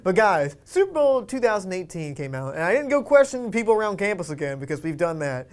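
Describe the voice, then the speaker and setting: A high-pitched man hosts a casual movie-talk podcast. He chats in an upbeat, easygoing way with his co-host. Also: sing-song, a little fast. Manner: chatty, upbeat host patter.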